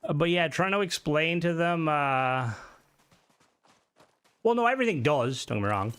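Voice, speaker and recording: A man's voice: on the high side, lively intonation, normal speed, a bit bright, clean tone. Rambling, cursing man streamer. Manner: rambling, swears a lot. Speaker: livestream host. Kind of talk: casual live-stream chat.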